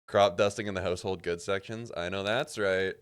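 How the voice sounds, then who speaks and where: A man's voice: sits low, fairly even intonation, brisk, clean tone. A man from Canada streaming a puzzle game, rambling and joking with casual swearing as he plays. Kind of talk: casual gameplay commentary.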